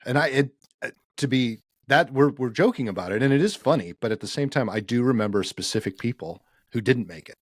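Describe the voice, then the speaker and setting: A man guest co-hosting a podcast, chatting in an easygoing way and offering measured opinions. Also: medium pitch, expressive, dry recording, studio quality. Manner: easygoing, frequent agreeing backchannels, measured opinions. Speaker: guest co-host. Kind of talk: casual chat.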